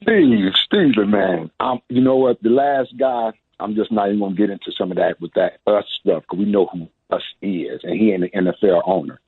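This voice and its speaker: A brash male caller on a tinny phone line, boastful and talking over the host. His voice is husky and sits slightly high. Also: animated, fairly quick, hardly any pauses. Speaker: radio caller.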